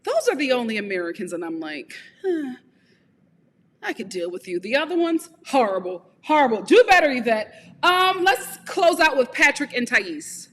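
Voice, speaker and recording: A woman's voice: high-pitched, very animated, moderate pace, fairly bright tone, long reverb tail. A woman giving a blunt, sassy live review of a reality TV show, often laughing.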